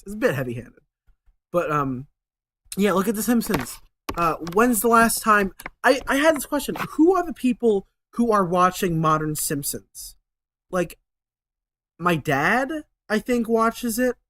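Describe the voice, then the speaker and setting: A man's voice: sits high, expressive, measured pace, fairly bright tone, a little hiss or hum. A man hosting his channel in a casual rambling monologue, sarcastic and swearing, with lots of fillers. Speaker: channel host.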